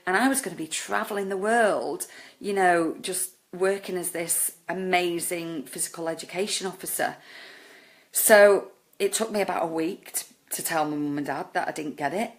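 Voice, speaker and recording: A woman, earnestly telling a personal story with many fillers. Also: fairly low pitch. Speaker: life coach.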